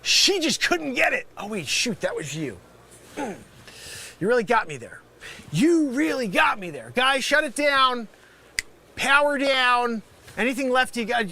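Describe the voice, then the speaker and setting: A man playing a brash male scam caller posing as a tech company, yelling insults and swinging from loud to mumbled. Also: very high-pitched, very animated, measured pace, full character voice. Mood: deflated. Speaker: comedy sketch performer. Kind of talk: improvised comedy sketch.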